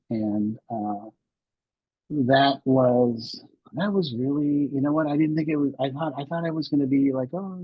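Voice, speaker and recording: Man in his sixties, husky voice. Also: mid-range voice, no echo, highs cut off. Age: 60s. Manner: rambling, many restarts and fillers. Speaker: podcast guest. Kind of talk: candid interview storytelling.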